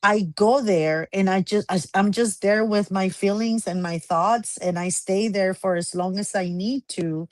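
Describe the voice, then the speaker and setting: A woman co-hosting a podcast, speaking in a reflective, gentle way in a casual chat. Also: mid-range voice, no room sound. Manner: slow, reflective, laughs easily. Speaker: podcast co-host.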